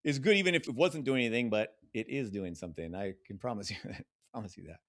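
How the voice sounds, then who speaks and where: A man's voice: lowish voice, quick pace, a bit bright. A man giving a casual spiritual talk as a teacher, rambling, repeating his phrases and laughing between points.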